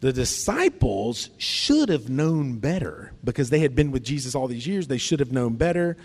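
A man's voice: medium pitch, very animated, normal speed, a little mellow. A man preaching a conversational sermon, acting out the lines he quotes with feeling. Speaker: pastor. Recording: long hall reverb.

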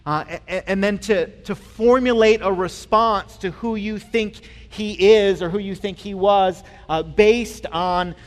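A male pastor preaching a sermon in a conversational way, with frequent pauses and restarts. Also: high voice. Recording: long reverb in a large hall.

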